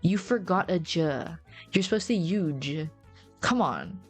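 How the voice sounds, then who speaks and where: A woman's voice: lowish voice, unhurried, darkish tone, soft background music. A young woman streamer chatting casually to her viewers in a playful, rambling way.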